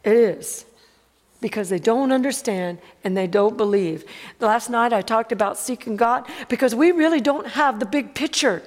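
A woman delivers an emphatic sermon and keeps asking her congregation for an amen. Her voice sits high, and a long reverb trails after her words as if she is in a large hall. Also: moderate pace. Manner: emphatic, calls out for amens. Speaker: preacher.

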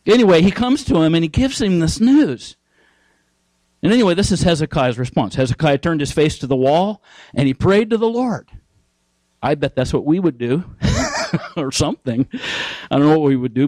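A man's voice: a little high, expressive, normal speed, a little mellow, no echo, poor audio. A man preaching a sermon, emphatic, repeating key phrases and asking his listeners questions.

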